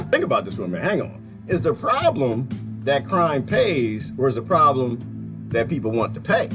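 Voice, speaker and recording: Man laughing through mocking commentary. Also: on the high side. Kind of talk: reaction commentary.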